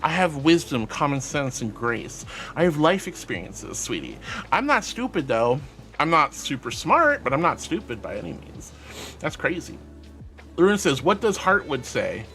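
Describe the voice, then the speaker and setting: Bubbly, animated man streaming. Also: fairly high pitch, moderate pace, soft background music. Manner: bubbly, affectionate, calls viewers sweetie. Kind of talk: casual live-stream chat reading out chat messages.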